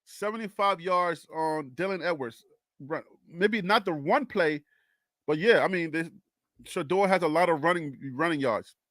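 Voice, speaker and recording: A man's voice: a little high, moderate pace, fairly bright tone, no echo, clean studio sound. A young man from Liberia hosting a casual sports talk show, arguing his point animatedly and laughing often.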